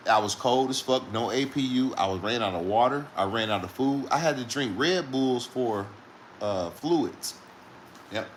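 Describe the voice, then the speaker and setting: Man in casual chat, mid-pitched voice, cursing freely and chuckling through a long rambling road story. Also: normal speed, a little hiss or hum. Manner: profane, rambling, laughing between lines. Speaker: truck driver telling a story.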